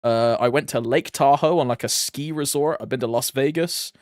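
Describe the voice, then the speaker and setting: A young man with a medium-pitched voice streams a game at normal speed, recorded in studio quality with no room sound. He chats casually and rambles, laughing often and calling his viewers bro.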